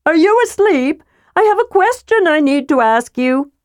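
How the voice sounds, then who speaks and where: A woman voicing a cheerful, bouncy young male kender in an audiobook, with a bright, eager, chirpy manner. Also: high-pitched, animated, normal speed, no room sound, clean studio sound, voice pushed up.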